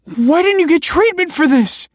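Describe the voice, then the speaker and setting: A man voicing a distraught middle-aged wife in a high, strained falsetto for a dark audio story. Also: lively intonation, normal speed, no room sound, clean studio sound.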